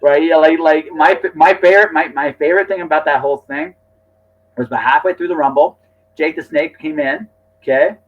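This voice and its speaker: A podcast co-host or guest with a slightly high, animated voice and some vocal fry talks fairly quickly in a casual chat. He repeats words as he jumps in with his opinions, and the audio is dull and lo-fi.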